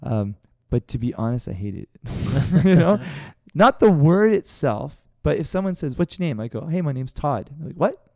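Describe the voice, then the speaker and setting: A man's voice: on the high side, normal speed, gravelly, few pauses, dry recording, clean studio sound. A Canadian man co-hosting a podcast, telling stories in a casual chat and acting out voices with lots of laughter. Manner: animated, acts out quoted voices, laughs often. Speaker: podcast co-host.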